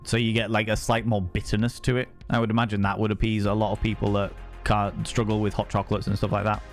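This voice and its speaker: A man's voice: lowish voice, little pitch movement, quick pace, soft background music. Chatty man greeting his viewers. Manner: chatty, rambling, swears freely, greets viewers warmly by name. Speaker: streamer reading chat. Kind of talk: casual chat.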